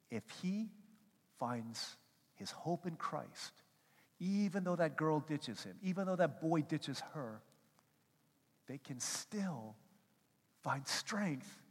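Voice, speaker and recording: A male pastor preaching a sermon, telling animated stories and acting out quotes as he goes. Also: medium pitch. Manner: animated storytelling with acted-out quotes. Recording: long hall reverb.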